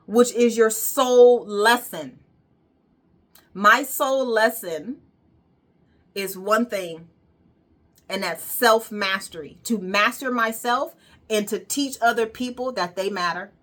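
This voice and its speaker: A woman's voice: medium pitch, fairly bright tone. A woman wellness coach giving an emphatic, repetitive motivational monologue with casual swearing.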